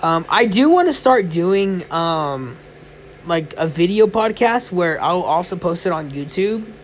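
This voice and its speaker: A man's voice: high voice, expressive, unhurried, a little hiss or hum. A tired young man hosting a casual solo podcast late at night. He talks in a rambling, chatty way with many fillers. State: tired, yawning. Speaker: podcast host. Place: indoors, lying in bed.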